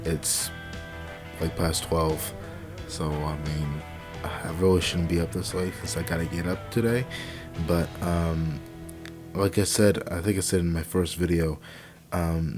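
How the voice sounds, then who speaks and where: A young man quietly commenting on a truck driving game at home at night, rambling with lots of fillers and restarts on a cheap desk microphone. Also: deep voice. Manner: hushed, quiet talking to avoid waking family. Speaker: let's play gamer. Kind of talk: casual gameplay commentary.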